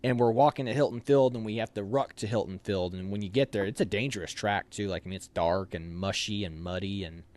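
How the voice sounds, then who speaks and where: A young man casually telling animated stories from army training, laughing and acting out other people's lines. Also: on the low side, brisk, few pauses. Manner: animated, laughs while telling, acts out quotes. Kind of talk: casual storytelling.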